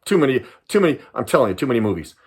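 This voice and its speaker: A man in his sixties from Southern California, a retired police sergeant and private investigator, telling a personal story to camera in an animated, dramatic way. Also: mid-range voice, racing, slightly rough. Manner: animated, dramatic storyteller who acts out voices and laughs.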